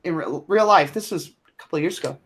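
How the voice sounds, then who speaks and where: A woman's voice: low voice, fast talker, a little hiss or hum. A woman chatting on a podcast, telling a profane, blunt anecdote and laughing through it. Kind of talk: casual chat, anecdote telling.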